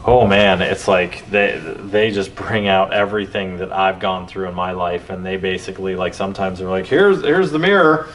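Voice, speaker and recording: A man hosting a podcast, telling stories in a rambling, animated way with many restarts. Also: deep voice, normal speed, few pauses. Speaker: podcast host. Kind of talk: casual conversation. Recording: distant mic with faint background noise.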